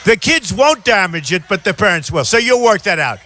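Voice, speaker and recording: A man in his sixties giving an off-the-cuff campaign rally speech outdoors, rambling and repetitive, often shouting to a crowd. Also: high voice, very animated, a little fast. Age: 60s. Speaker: presidential candidate.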